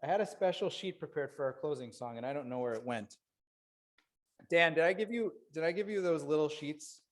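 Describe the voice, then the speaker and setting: A man leading a synagogue service, speaking in a relaxed, chatty way with fillers, over guitar accompaniment. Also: a little high, a little fast. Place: synagogue sanctuary. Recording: guitar music under the voice.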